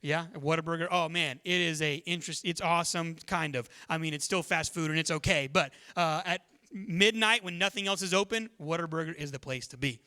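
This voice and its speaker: A pastor from Texas preaching a sermon in a conversational, energetic storytelling manner. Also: male voice, fairly high pitch, fairly quick. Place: church.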